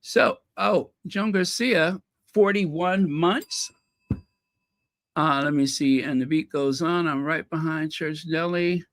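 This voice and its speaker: A man's voice: a little high, slow pace, a bit bright, dry recording. A man hosting a casual livestream, greeting viewers by name from the chat with playful, mock-posh asides. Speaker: channel host greeting live chat.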